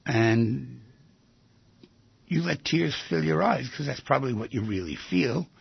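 Husky, gravelly man talking with big swings. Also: measured pace, no echo. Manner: animated, acts out quoted lines with big swings of pitch. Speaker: speaker on relationships. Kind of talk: lively talk. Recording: dry, dull lo-fi sound.

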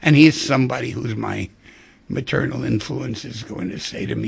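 A male radio host talking in a loose, musing way, his voice sometimes dropping low to almost a whisper. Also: moderate pace, gravelly, husky. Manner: musing, rhythmic, drops to near-whispers. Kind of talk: casual talk radio chat.

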